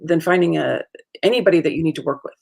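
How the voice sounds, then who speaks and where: A woman's voice: deep voice, fast, vocal fry, darkish tone, breathy edge. A woman hosting a live-stream conversation, supportive, who mostly gives short affirmations. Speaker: host.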